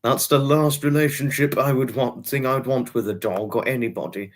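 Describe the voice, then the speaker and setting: A man's voice: medium pitch, fairly even intonation, normal speed. A man hosting a casual livestream, rambling chattily and greeting viewers by name. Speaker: livestream host.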